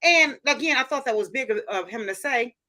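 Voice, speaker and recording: Animated, bright-voiced woman host. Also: on the high side, brisk. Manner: emphatic, animated, repeats phrases for stress. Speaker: show host reading viewer comments. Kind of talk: casual livestream chat.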